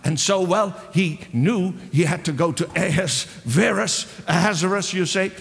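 Gravelly, high-voiced preacher man. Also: a little slow, big-room sound. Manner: animated, repeats himself, restarts often. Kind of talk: sermon storytelling.

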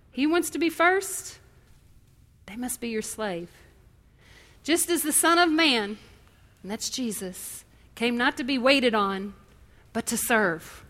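A woman preaching an animated, impassioned sermon that leans on storytelling. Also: fairly high pitch, slow, pauses often.

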